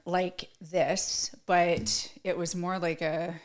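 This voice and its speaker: A woman's voice: on the low side, little pitch movement, slow. A woman co-host in her thirties from the United States, a former fight commentator, chatting casually about grappling with lots of fillers. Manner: laid-back, explains grappling with fillers. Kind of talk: casual podcast chat.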